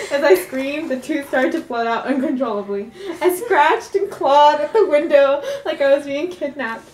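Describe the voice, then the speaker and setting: A woman telling a comic story about her own life, animated and often laughing as she goes. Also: high voice, normal speed, few pauses, echoey room, a little hiss or hum.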